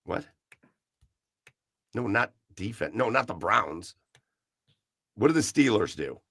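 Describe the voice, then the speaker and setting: A man hosts a casual sports podcast with a gravelly, forceful voice that sits a little low. He rants with animation and swears now and then. The sound is dry and close. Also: very animated, slow pace, dry recording. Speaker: podcast host. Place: garage.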